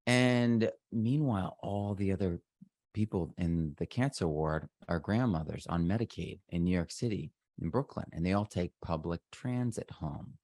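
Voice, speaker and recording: A man's voice: low voice, lively intonation, moderate pace, a little mellow, no echo. A middle-aged man talking as a podcast guest in a casual interview, rambling and often restarting his sentences. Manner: rambling, self-interrupting storyteller.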